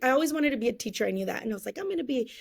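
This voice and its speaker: High-pitched lady with a bit of fry, telling her story on an interview, doing all the voices, laughs a lot. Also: very fast. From California, USA. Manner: animated storyteller who acts out quotes and laughs often. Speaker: interview guest.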